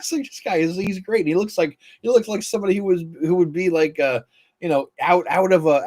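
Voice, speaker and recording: Blunt, swearing podcast host man. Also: mid-range voice. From United States. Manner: blunt, swears casually, enthusiastic. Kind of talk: casual podcast chat.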